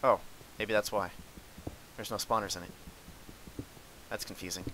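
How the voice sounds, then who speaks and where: A man giving let's play commentary, sarcastic and easily frustrated, with sudden yells at monsters. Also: fairly low pitch, moderate pace, long pauses, noisy background. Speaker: gamer.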